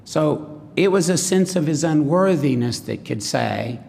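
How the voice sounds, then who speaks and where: A man's voice: a little high, animated, a little slow, creaky, a little mellow, in a large hall, a little hiss or hum. A man preaching a sermon in a folksy way, often asking the congregation questions.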